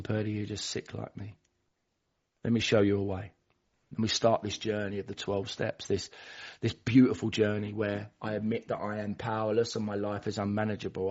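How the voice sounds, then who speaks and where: A man's voice: fairly low pitch, a little mellow, muffled recording. A man telling his own addiction and recovery story at a twelve-step meeting, candid and self-mocking, with frequent restarts. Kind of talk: personal recovery share. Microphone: online meeting call.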